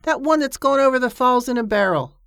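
A woman voicing a gruff, easygoing first mate on a ship, with a drawling folksy manner. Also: high voice, expressive, quick pace, a bit bright, no echo, studio quality, pitched above the performer's own voice. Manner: drawling, folksy rough grammar.

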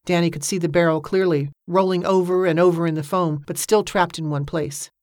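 Woman reading a novel aloud, steady pace, kinda low voice, dry recording. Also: fairly quick, dry recording. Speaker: narrator. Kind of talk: audiobook narration.

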